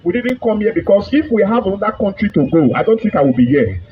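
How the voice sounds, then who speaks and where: A man's voice: high voice, very animated, fast, slightly rough, phone-quality sound. A man with a Nigerian accent giving a fiery, declamatory protest speech outdoors. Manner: fiery, declamatory, shouting slogans. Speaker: protest leader. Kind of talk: rally speech to a crowd.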